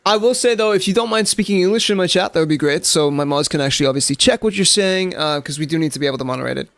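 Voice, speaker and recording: Squeaky South African man streaming. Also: rapid-fire, creaky, no room sound. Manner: excitable, swears casually, chats to viewers. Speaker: game streamer. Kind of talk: live-stream gameplay commentary.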